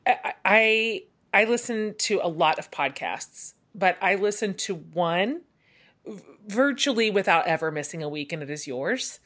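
A woman hosting a podcast, gushing warmly over her guest and chatting with lively enthusiasm. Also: medium pitch, unhurried. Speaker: podcast host. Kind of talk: casual interview conversation.

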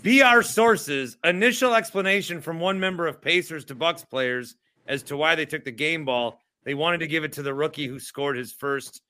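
A man hosting a casual sports podcast, joking and animated as he reads out news. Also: on the high side, moderate pace. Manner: animated, jokey. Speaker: podcast host.

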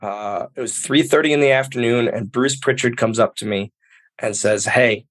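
Brief: male interview guest, mid-pitched, animated storyteller who acts out quotes, casual and chatty. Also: normal speed. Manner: animated, acts out quoted dialogue, many fillers like "like". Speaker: guest, professional wrestler.

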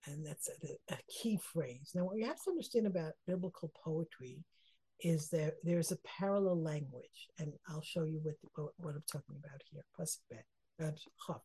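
A woman's voice: deep voice, moderate pace, mellow, slightly rough, poor audio. A middle-aged woman teaching a Torah text study lesson, earnest and reflective, weaving Hebrew phrases into her English explanations and getting emotional about the verses.

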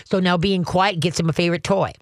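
A woman's voice: lowish voice, fairly even intonation, fast, no room sound, studio quality. An older woman hosting a call-in radio advice show, chatty and folksy, often acting out the commands she gives.

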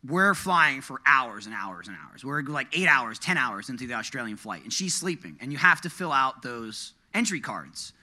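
A man casually telling a profane travel story on a podcast, animated and acting out his own panic. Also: medium pitch, moderate pace, hardly any pauses. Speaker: podcast co-host. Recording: podcast studio mic.

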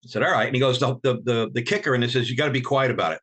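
Older rock bass player guy rambling thru old stories, lots of restarts, medium pitch. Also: fast talker, few pauses. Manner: rambling, with many restarts, and animated when quoting others. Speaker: veteran rock bassist. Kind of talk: storytelling in an interview.

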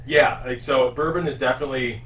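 A man's voice: medium pitch, fairly even intonation, a little fast, a bit bright, soft background music. A man as a podcast guest in casual chat, rambling with restarts and dry jokes. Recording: roomy, distant mic with faint noise.

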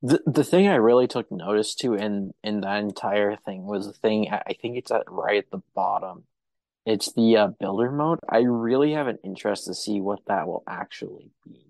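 Podcast host guy, a bit low and gravelly, dry sounding mic, jokes in an offhand way. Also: normal speed, darkish tone, dry recording. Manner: wry, offhand joking. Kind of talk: casual podcast chat.

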